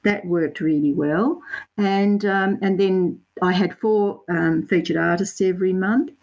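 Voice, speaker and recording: A woman's voice: lowish voice, fairly even intonation, measured pace, darkish tone, muffled recording. An Australian woman, a guest artist, telling her story in a rambling, self-correcting way with local slang. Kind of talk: casual interview chat.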